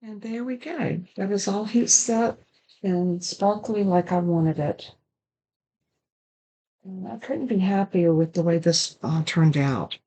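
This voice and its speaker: Low-voiced woman demonstrating card crafting. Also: slow, long pauses, dark tone, poor audio. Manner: chatty, apologetic about coughing. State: coughing and sneezing. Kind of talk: casual craft tutorial.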